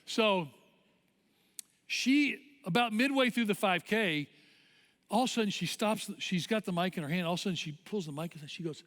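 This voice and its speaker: A male pastor with a high voice delivers his sermon like an animated story told to friends. His words linger in the long reverb of a church auditorium. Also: normal speed.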